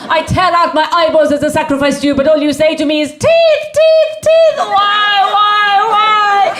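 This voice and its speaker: A woman's voice: very high-pitched, moderate pace, roomy sound, crowd noise, background noise, voice pushed up. A woman voicing a bossy, melodramatic little girl who talks in broken English and wails with theatrical devotion. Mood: wailing.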